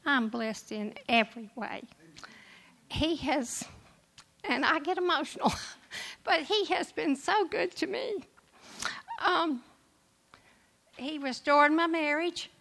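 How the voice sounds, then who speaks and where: A woman's voice: extremely high pitch, slow pace, creaky, long pauses, a bit bright, poor audio. An older woman giving a personal testimony at church, telling her story with emotion, laughter and quoted dialogue.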